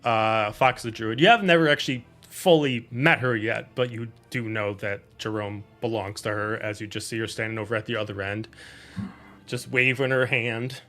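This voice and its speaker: Man game master, bright and forceful, casual rambling narration. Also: on the low side, normal speed, faint music behind. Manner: loose, filler-heavy narration with restarts.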